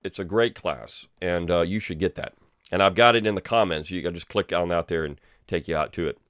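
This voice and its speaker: A man's voice: sits low, brisk, clean tone, no room sound, studio quality. A man hosting a history podcast, giving opinionated, sarcastic commentary with many fillers and restarts. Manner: sarcastic, lively emphasis, frequent fillers and restarts. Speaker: podcast host and history teacher. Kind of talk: opinionated commentary reading a script aloud.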